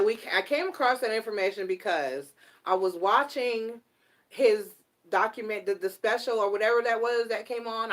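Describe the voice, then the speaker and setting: A middle-aged woman giving a casual live tarot reading, blunt and animated and swearing freely. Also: medium pitch. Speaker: tarot reader.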